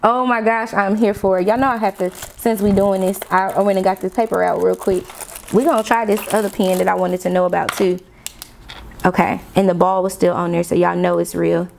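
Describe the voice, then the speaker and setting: A woman talks fast and warmly to her viewers while she tests pens at her desk. She gushes and jumps up in pitch with delight, and a faint hiss of room noise sits under her voice. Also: creaky. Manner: excitable, gushing, talks to viewers as y'all. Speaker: planner vlogger. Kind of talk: casual unboxing chat to viewers. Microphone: desk camera mic, off camera.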